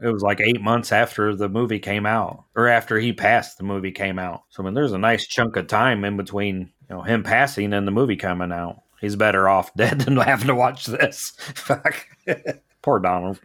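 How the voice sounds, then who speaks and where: A man's voice: lowish voice, normal speed. A man co-hosting a podcast, retelling film scenes in joking, profane casual chat. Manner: joking, profane, animated retelling with put-on quotes. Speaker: podcast co-host.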